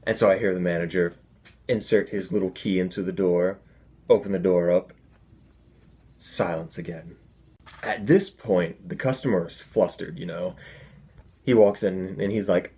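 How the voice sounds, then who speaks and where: A young man telling a comic personal story, animated with deadpan asides. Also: sits low, moderate pace, pauses often, breathy edge.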